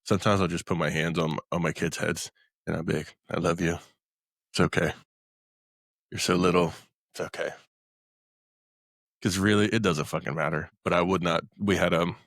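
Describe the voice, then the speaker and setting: Low voiced dude rambling on a podcast, cusses a lot, dry room. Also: male voice, vocal fry, a bit bright, dry recording. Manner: blunt, swears freely, rambling. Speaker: podcast host. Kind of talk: casual podcast chat.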